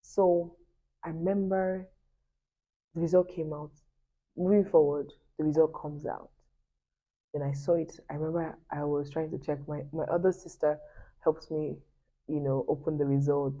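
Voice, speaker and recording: A woman's voice: low-pitched, little pitch movement, normal speed, long pauses, dark tone. A young woman, chatting animatedly to her viewers and telling a personal story with laughing asides. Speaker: vlogger. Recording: dull lo-fi recording.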